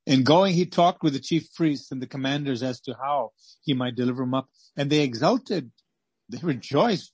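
A man preaching a sermon and reading scripture aloud, swinging between loud exclamations and hushed pleading. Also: medium pitch, moderate pace, husky, dry recording.

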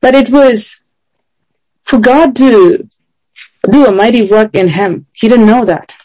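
A woman's voice: fairly high pitch, slow pace, dark tone, rough recording. A woman preaching a sermon in an earnest, emphatic way, often asking rhetorical questions.

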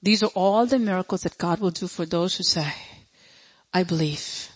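A woman's voice: fairly low pitch, brisk, slightly rough, poor audio. A woman preaching a sermon, emphatic and repeating her key phrases, with questions put to the congregation.

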